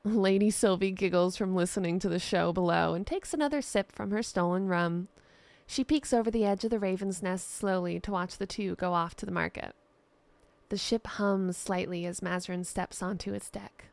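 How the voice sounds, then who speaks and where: Brief: woman narrator, raspy, close and dry, steady descriptive storytelling. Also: medium pitch, no echo. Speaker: writer and narrator. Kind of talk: scripted fantasy narration.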